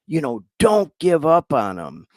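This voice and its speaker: Male podcast host, heartfelt and choking up, drawn-out delivery, dry close sound. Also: fairly high pitch, wildly swooping pitch, no room sound. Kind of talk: casual podcast talk.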